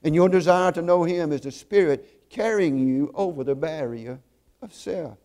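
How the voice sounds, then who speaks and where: A man preaching a sermon, telling stories earnestly and slowing down to stress key points. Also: on the high side, mellow. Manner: earnest storytelling, slows for emphasis.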